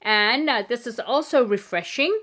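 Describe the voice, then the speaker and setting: A woman's voice: on the high side, moderate pace, fairly bright tone. A woman vlogger chatting casually as she unboxes friend mail, gushing and full of fillers. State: tearful. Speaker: beauty vlogger.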